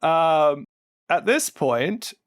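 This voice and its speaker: Man co-host, unhurried lore storyteller, animated and laughing, dry close mic. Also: a little high, no room sound. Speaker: podcast co-host. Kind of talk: casual lore chat.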